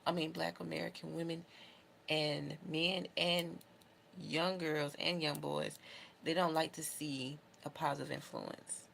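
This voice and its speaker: A young adult woman speaks casually to camera in a low voice with a gravelly edge. She talks in an emotional, heartfelt, rambling way. A faint background noise sits under the recording. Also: fairly even intonation, measured pace, a bit bright. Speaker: beauty vlogger.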